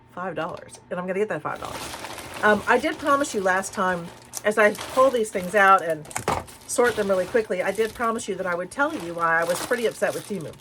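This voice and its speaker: A woman's voice: mid-range voice, a bit bright, slight background noise, low-quality recording. A middle-aged woman chatting casually at home as a haul vlogger, rambling with many restarts and fillers. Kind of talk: casual chat. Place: a room at home.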